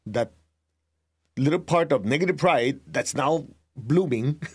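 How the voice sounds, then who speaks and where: A middle-aged man giving a spiritual lesson as a meditation teacher, talking deliberately and telling students to write points down. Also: medium pitch, animated, slightly rough. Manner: slow, deliberate, tells students to write things down; laughs at himself, acts out remembered exchanges.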